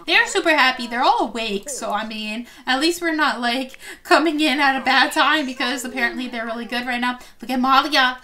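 A young woman hosting a gaming video commentates her Sims let's play in a high, bright, pushed voice, animated and at normal speed with hardly any pauses. She gushes over the characters, gasping often and repeating "oh my gosh."

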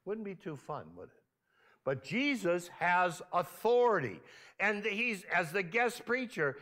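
A man's voice: high-pitched, lively intonation, a little slow, bright, forceful tone. A male pastor preaching a sermon in church, talking conversationally and peppering the congregation with questions. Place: church sanctuary.

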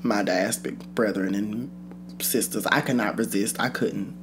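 A woman's voice: a bass voice, steady tone, moderate pace, noisy background. A young adult woman hosting her own podcast in a casual solo rant, blunt and profane, trailing off and restarting her thoughts. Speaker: podcast host.

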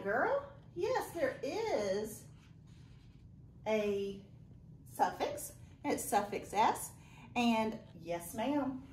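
A woman teacher walks through a phonics lesson, spelling out letters slowly and praising each student by name. Her pitch rises and falls a lot as she encourages them. The room is echoey, with a faint hiss underneath. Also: darkish tone. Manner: slow, deliberate letter-by-letter spelling.

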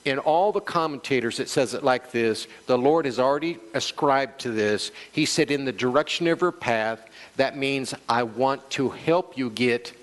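A man's voice: mid-range voice, normal speed. A male pastor preaching a sermon, calling out to the congregation and acting out quoted voices. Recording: long church hall reverb.

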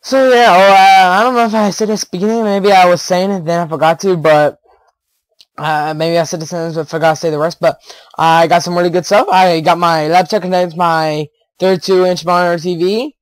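A teenage boy chatters through his gameplay in a rambling, excitable way, breaking into giggles and sudden yelps. His voice sits high for a young man. He speaks into a headset mic, and the sound is close and dry with no room echo. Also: brisk. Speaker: gaming YouTuber. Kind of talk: casual gameplay commentary.

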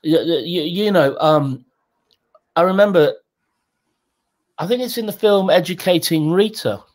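A man in his sixties, a guest telling candid, animated stories in a conversational interview. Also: unhurried. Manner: animated, jumps in pitch, acts out quotes.

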